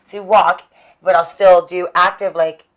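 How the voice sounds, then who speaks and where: A young adult woman, a fitness trainer, chatting in an interview, an animated storyteller who laughs often and swears freely. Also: on the low side, moderate pace. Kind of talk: casual interview chat.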